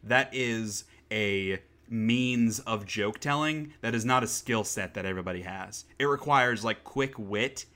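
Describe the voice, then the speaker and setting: A man's voice: on the low side, unhurried, hardly any pauses, bright, forceful tone. A man hosting a podcast in casual chat, sarcastic and opinionated, swearing freely as he rants. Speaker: podcast host.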